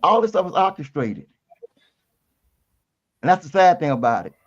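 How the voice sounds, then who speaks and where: A man's voice: fairly high pitch, big pitch swings, normal speed. Man, panel guest, folksy and preachy, a bit winded, dull lo-fi audio. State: a little out of breath. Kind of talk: casual panel talk.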